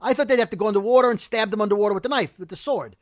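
A man hosting a casual chat that recaps a TV episode, talking fast and ranting about plot holes. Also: high voice, dry recording, clean studio sound. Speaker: podcast host recapping a TV episode.

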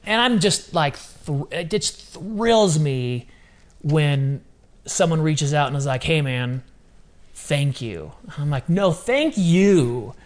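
A middle-aged man talking as a podcast guest in casual interview chat, animated and repeating phrases for emphasis. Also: on the high side, takes it slowly. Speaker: podcast guest, ministry founder.

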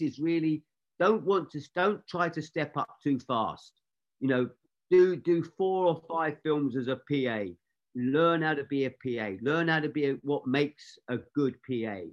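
An older man from England recalls his years on film sets, wandering through stories and doubling back on his own words. His voice sits mid-range for a man. The recording is dull and lo-fi. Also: medium pitch. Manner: rambling anecdotal, frequent restarts. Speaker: film assistant director. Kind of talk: career interview storytelling.

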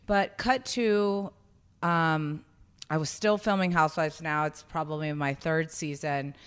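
A woman in her thirties, a podcast guest, tells her story in a loose, chatty way. She often restarts her sentences. Her voice sits low. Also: fairly even intonation, unhurried, clear, resonant tone. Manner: chatty, many restarts, acts out quoted voices. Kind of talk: casual storytelling.

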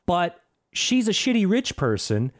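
A man with a slightly raised voice riffs on a movie in a loose podcast chat. His delivery is sarcastic and full of swearing, building into animated rants. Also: high voice, unhurried. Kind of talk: casual movie review chat.

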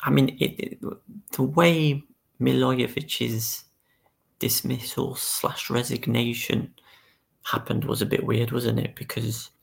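Gravelly-voiced man co-hosting a football podcast. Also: medium pitch, fairly even intonation, slow pace. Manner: recounts the news step by step, reading out statements. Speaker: podcast co-host. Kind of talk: casual football chat.

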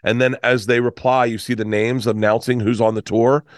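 A man's voice: medium pitch, flat delivery, moderate pace, smooth, no echo. Middle-aged guy rambling thru a story, gets emotional, swears a lot, dry close mic. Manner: emotional, profane, rambling with restarts. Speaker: comedian guest. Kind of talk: casual storytelling.

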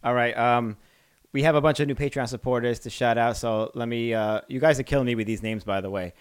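Smooth-voiced, easygoing podcast co-host man. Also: medium pitch, fast talker, no echo. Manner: laughs easily, relaxed reading of shout-outs. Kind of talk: casual podcast chat.

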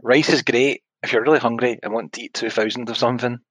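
A man's voice: mid-range voice, steady tone, fast talker, a bit bright, no room sound. A man co-hosting a podcast, chatting casually and delivering joke punchlines dryly. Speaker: podcast co-host. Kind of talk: casual chat.

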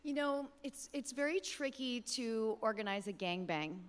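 A woman's voice: fairly high pitch, expressive, normal speed, smooth. A woman appearing as a special guest on a live comedy podcast, talking in a matter-of-fact, teasing way. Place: live stage show before an audience.

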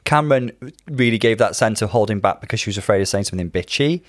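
A man co-hosting a casual chat, analytical and measured, laying out his points in detail. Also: lowish voice, animated, dry recording, studio quality. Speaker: podcast co-host.

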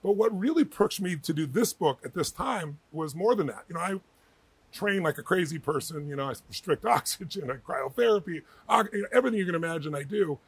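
A man being interviewed as a guest author, telling animated, emphatic stories in a quick, energetic manner. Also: a little high, husky, no room sound, low-quality recording.

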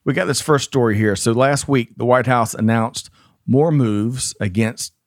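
A man's voice: medium pitch, normal speed, dry recording, clean studio sound. A man co-hosting a casual talk show, upbeat, reading news points aloud and turning to his co-host. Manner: upbeat, reads story points aloud, stumbles on names. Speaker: podcast co-host.

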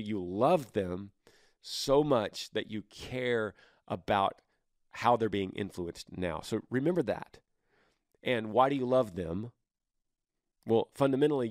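Male podcast host, low-pitched and earnest, casual advice delivery in a dry, close sound. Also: no room sound. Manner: earnest, gently persuasive. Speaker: podcast host answering listener questions.

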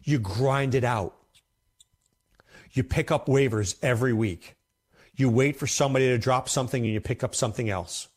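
A man's voice: mid-range voice, moderate pace, long pauses. A man hosting a fantasy football show, talking casually and emphatically, often repeating himself for effect. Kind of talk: casual commentary to camera.

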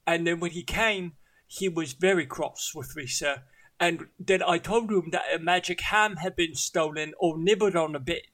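A man's voice: fairly high pitch, moderate pace, a bit bright, close to an everyday voice. A man voicing a timid, deferential male manservant who hesitates and keeps saying sir. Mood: apologetic. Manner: meek, hesitant, says sir constantly.

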